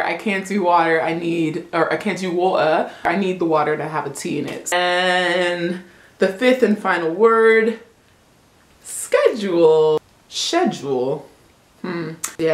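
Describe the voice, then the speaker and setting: A woman's voice: fairly low pitch, echoey room. A woman vlogging in a playful, giggly way, often breaking into laughter. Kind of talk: casual comedic vlog.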